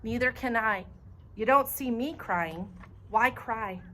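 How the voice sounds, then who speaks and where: A woman's voice: fairly high pitch, takes it slowly, bright, forceful tone, slight background noise. A woman voicing a brave young girl who talks urgently and firmly, in a storybook reading. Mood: reassuring. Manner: urgent, commanding, raised voice.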